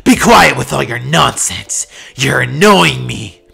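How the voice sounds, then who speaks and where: A man voicing a cold, hostile young male villain leader in a fan-made story, speaking low, quiet and threatening. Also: measured pace, creaky, slightly rough, full character voice. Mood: irritated.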